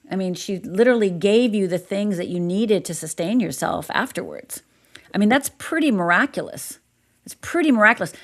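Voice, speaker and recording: Life coach lady on a podcast, kinda low voice, tells stories with lots of life, does little voices. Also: vocal fry. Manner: animated storyteller, acts out voices. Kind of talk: casual interview chat.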